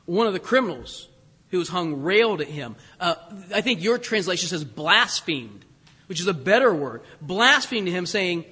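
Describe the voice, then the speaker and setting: A man's voice: high voice, lively intonation, moderate pace, pushed and bright, slightly rough. A man preaching a sermon in a conversational way, often correcting himself and asking the congregation rhetorical questions. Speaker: pastor. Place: church sanctuary. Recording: long hall reverb.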